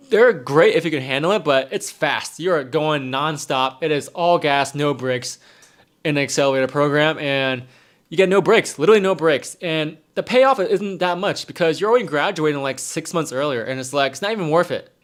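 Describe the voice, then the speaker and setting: A young man talks casually through a live Q&A, reading out viewer questions before answering them. His voice sits a little high for a man, and he rambles and repeats phrases for emphasis. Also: moderate pace. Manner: rambling, repeats himself, reads chat aloud. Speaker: nurse streamer answering questions.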